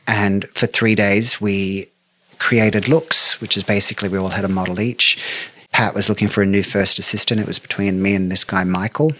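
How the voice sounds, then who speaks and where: Man, from australia, middle-aged, lowish voice, dry recording, vivid storyteller. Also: no echo. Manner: animated, emotional storyteller who acts out quotes. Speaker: make-up artist guest. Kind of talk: storytelling interview chat.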